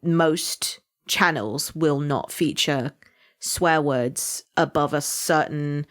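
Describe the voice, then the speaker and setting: A woman from England with a Somerset accent, co-hosting a podcast in casual chat, animated and laughing often. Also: deep voice, slow. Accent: Somerset English. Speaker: podcast co-host.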